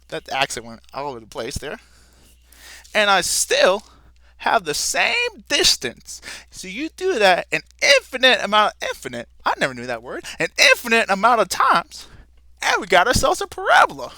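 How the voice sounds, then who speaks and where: A man's voice: high-pitched, pushed and bright, no echo, full character voice. A man putting on a hammy frontiersman. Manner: folksy, hammy, calls listeners "folks". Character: folksy cheerful frontiersman guest, adult man.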